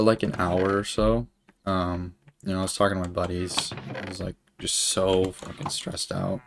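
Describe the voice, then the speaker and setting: A man's voice: low-pitched, gravelly, slight background noise. A young man telling a long story while he plays a game, rambling and swearing, with lots of filler words. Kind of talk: casual storytelling while gaming.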